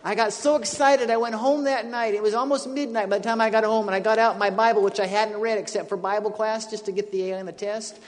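A man preaching, telling a personal story in an animated way that rises to excited quotes. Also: high-pitched, quick pace, hardly any pauses. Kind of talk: sermon storytelling. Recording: long hall reverb.

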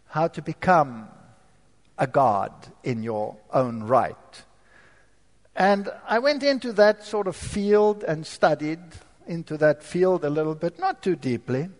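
A preacher with a high voice tells his own life story as a storytelling sermon, turning to the audience with rhetorical questions. The hall adds a long reverb to his voice.

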